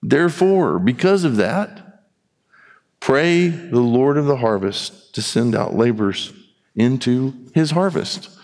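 A man's voice: medium pitch, slow. Preaching man in a reverberant hall. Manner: animated storytelling, acting out dialogue. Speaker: pastor. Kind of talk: sermon.

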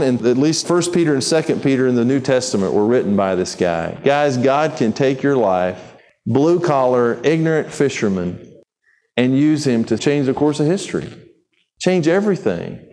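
Animated man preaching a sermon. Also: mid-range voice, moderate pace. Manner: conversational, animated, acts out quotes.

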